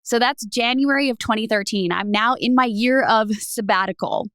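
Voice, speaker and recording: A woman's voice: on the high side, moderate pace, a bit bright, clean tone, no room sound, studio quality. A woman in her thirties, a podcast guest telling her story casually, full of "like" fillers and acted-out quotes. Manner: chatty, uses lots of "like" fillers; acts out other people's voices in quotes.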